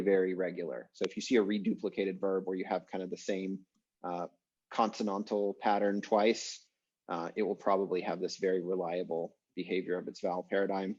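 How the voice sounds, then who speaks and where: Man, teacher, low voice, casual lecture, filler-heavy, lo-fi video call sound. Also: slightly rough. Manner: relaxed, chatty explaining with many fillers. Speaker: online language teacher. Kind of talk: casual online class lecture. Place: home, online video class.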